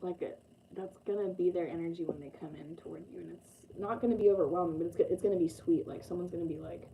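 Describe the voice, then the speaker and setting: A woman's voice: fairly low pitch, steady tone, fast talker, vocal fry, narrow, tinny audio, slight background noise. A woman giving a casual, rambling tarot reading, full of fillers and the odd swear. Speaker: tarot reader.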